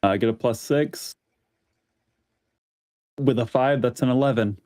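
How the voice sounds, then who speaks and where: Relaxed male tabletop player. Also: medium pitch, measured pace, dry recording, clean studio sound. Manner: relaxed, reading out dice rolls. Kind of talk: casual game chat.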